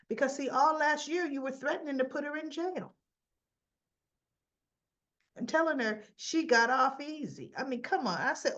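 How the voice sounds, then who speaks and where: Woman doing a chatty soap recap, kinda high voice, dull lo-fi sound. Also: expressive, moderate pace, pauses often, fairly bright tone. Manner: chatty, opinionated, acts out characters' lines. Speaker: soap opera recap host. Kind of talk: casual recap commentary.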